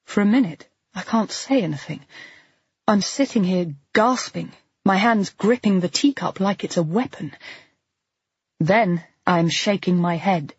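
Husky woman narrating a tense audiobook. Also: fairly low pitch, measured pace, dry recording, muffled recording. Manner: tense, intimate first-person telling. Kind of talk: first-person audiobook narration.

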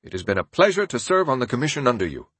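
A man voicing a forceful 1890s statesman in quoted passages of an audiobook, with an emphatic, raised delivery. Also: medium pitch, sing-song, racing, breathy edge, dry recording.

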